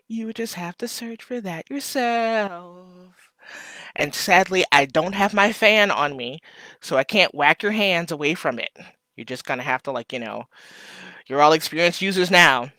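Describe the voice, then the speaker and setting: A small business owner hosts a casual live stream in a rambling, heartfelt way, full of ums and thank-yous. The voice is bright and now and then jumps into a high playful squeal. The sound is dry and close. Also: moderate pace, dry recording. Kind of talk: casual livestream chat to viewers.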